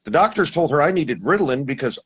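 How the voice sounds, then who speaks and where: A man with a husky voice, telling his experience in a casual, rambling way, with restarts and acted-out quotes. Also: fairly high pitch, sing-song, fast talker, fairly bright tone, low-quality recording. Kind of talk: casual storytelling.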